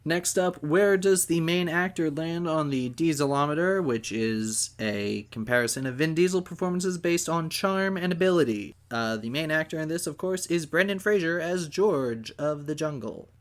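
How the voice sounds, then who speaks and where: A man hosting a casual film podcast, talking in a relaxed, rambling way with plenty of ums. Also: a little high, moderate pace, few pauses. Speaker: podcast host.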